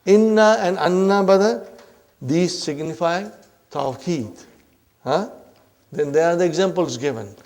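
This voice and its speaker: A man lectures on Arabic grammar at an unhurried pace, his voice pitched somewhat high. He repeats each point and keeps asking whether the class is following. He addresses the listeners as brothers and sisters. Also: darkish tone. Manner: repeats points, checks in often with "huh?" and "are you with me".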